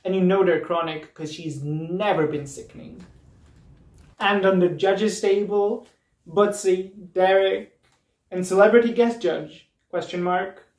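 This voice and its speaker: High guy from serbia doing a savage drag roast, big echoey room, mic kinda far off. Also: measured pace, darkish tone. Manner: biting, mocking punchlines with laughs. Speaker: drag performer roasting the cast. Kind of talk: comedy roast set. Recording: roomy, distant mic with faint noise.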